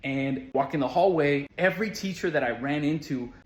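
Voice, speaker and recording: A man's voice: a little high, moderate pace. A man who works as school support staff, telling a personal story in an earnest, conversational way with casual fillers. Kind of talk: storytelling monologue. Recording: roomy echo.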